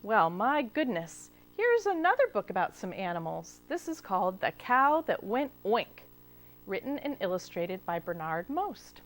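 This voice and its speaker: A woman librarian reading a picture book aloud to children, expressive, with gasps and questions to the young listeners. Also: mid-range voice, measured pace, slight background noise. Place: cable TV studio.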